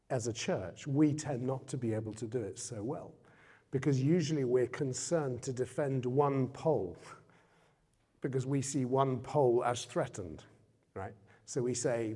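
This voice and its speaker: A man speaks conversationally to an audience as a guest speaker, now and then turning questions back on his listeners. His voice is mellow and relaxed. It is heard through a hall with a long, echoing reverb. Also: medium pitch, breathy edge. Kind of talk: public talk to an audience. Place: Jesuit centre hall.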